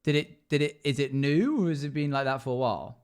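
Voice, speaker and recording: A man's voice: mid-range voice, brisk, clean tone. A man streaming live as a dungeon master, chatting emotionally and rambling as he reacts to chat. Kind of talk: casual livestream chat.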